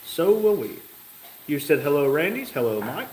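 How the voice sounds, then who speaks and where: A man with a slightly high voice hosts a live stream, reading viewers' comments and tossing in dry, joking remarks. He sounds like he's in a roomy, echoey garage, with a faint hiss of noise underneath. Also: expressive, brisk. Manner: joking, wry asides while reading comments aloud. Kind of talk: casual live-stream chat.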